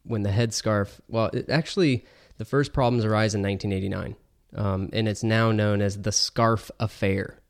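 Low-voiced man co-hosting, hesitant. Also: fairly even intonation, normal speed, vocal fry, hardly any pauses. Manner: thoughtful, hesitant, many ums and uhs. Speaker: podcast co-host. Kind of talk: casual chat.

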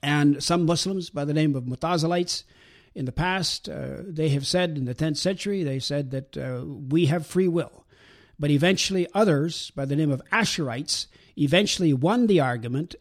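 A man calmly explaining religious ideas in a talk show discussion, pausing often with fillers. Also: on the high side. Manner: measured, explanatory, with many pauses and fillers. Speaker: guest speaker explaining Islam.

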